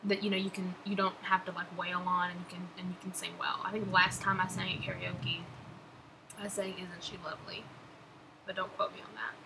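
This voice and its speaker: A woman's voice: lowish voice, flat delivery, fairly quick. A young woman chatting casually on her vlog, answering follower questions in a gushing, laughing way. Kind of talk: casual chat. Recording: background noise.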